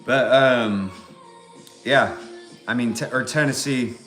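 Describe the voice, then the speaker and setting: A vlogger from California, with a Californian accent, rambles through a profanity-laced monologue that keeps looping back to filler phrases. His mid-range, fairly bright voice moves slowly, with faint music and a roomy echo.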